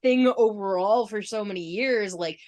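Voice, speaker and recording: A woman chatting casually on a podcast, telling stories in an animated way and laughing often. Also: medium pitch, moderate pace. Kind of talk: casual chat.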